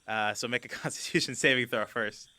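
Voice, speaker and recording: A man's voice: medium pitch, fairly quick, sharp tone. A man running a tabletop role-playing game as game master, chatty and loose with plenty of fillers and restarts.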